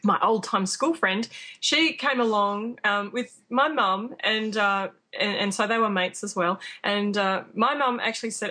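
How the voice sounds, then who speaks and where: A woman telling a story in casual chat, animated and laughing, acting out what people said. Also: mid-range voice, moderate pace. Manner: animated, acts out quotes, laughs often.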